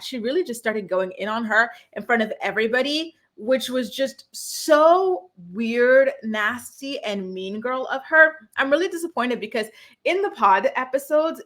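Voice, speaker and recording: Indignant young woman recapping TV. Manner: animated, indignant, acts out quotes with pitch jumps. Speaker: reality TV recap vlogger. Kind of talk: casual opinionated recap.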